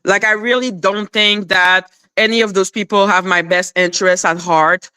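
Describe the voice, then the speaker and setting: Woman streamer, indignant, swears freely; clean smooth voice, dry close sound. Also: medium pitch, fairly even intonation, normal speed, sharp tone, no echo. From Canada. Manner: indignant, profane, exasperated. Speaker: livestreamer. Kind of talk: upset livestream monologue.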